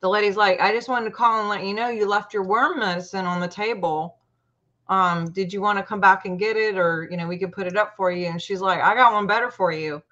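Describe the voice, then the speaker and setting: A woman casually telling a long personal story in a chatty, animated way, acting out what people said. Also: medium pitch, a little fast. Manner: chatty, animated retelling with quoted voices. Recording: muffled lo-fi audio.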